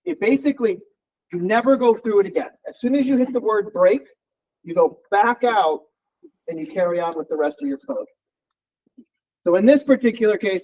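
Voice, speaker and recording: In this low-quality recording, a man whose voice sits high is teaching a college programming class. It's a live coding lecture, and he's relaxed, thinking aloud as he types and runs code.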